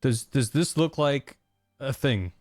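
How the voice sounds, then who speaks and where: A man's voice: mid-range voice, takes it slowly, no echo, faint music behind. A man chatting casually and joking while he draws on a live stream. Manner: lively, joking. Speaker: streamer drawing. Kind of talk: casual chat while drawing.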